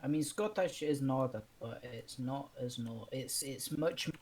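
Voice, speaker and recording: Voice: mid-range voice, unhurried, a little mellow. Sweary gamer, rambling banter. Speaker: gamer chatting with friends. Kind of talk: casual gaming chat.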